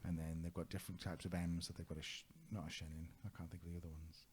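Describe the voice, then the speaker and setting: A man's voice: low voice, level tone, racing, husky. A man co-hosting a travel podcast, telling anecdotes in casual chat, laughing and searching for words. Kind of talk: casual conversational storytelling.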